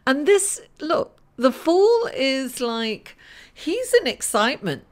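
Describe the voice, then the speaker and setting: A woman's voice: high-pitched, sing-song, slow pace. A woman astrologer giving a weekly tarot forecast to camera in a chatty, rambling way, with many fillers and restarts. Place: indoors in front of a green screen.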